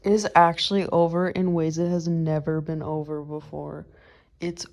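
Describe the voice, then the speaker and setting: A woman filming a casual reading vlog, reacting live to a book, jumping between hushed asides and loud, swearing outbursts. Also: deep voice, flat delivery, normal speed. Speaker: book vlogger.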